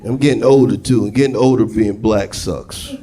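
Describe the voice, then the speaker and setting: A young man performing a crude, excitable stand-up set, on a comedy club stage with a handheld mic. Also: lowish voice, normal speed, heavy background noise. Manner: loud, crude, excitable storytelling. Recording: live club with loud crowd. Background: audience laughing.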